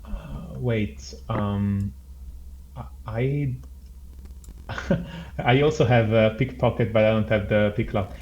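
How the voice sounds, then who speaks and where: A man playing a tabletop role-playing game, talking in a halting, hesitant way. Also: fairly low pitch, a little mellow, muffled recording, slight background noise. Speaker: player. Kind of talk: casual tabletop play.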